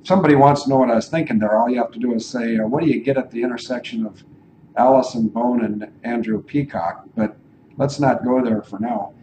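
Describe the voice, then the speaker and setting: A man's voice: mid-range voice, a little fast, noisy background. A man hosting an online radio talk show, rambling and digressing as he thinks aloud. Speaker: show host.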